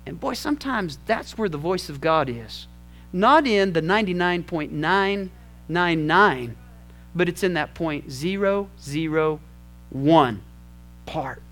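A male pastor telling a personal story in a sermon, animated and asking the congregation rhetorical questions. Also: high voice, slight background noise.

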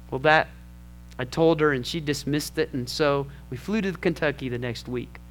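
A male pastor telling a personal story in a sermon, animated and asking the congregation rhetorical questions. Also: a little high, brisk, slight background noise.

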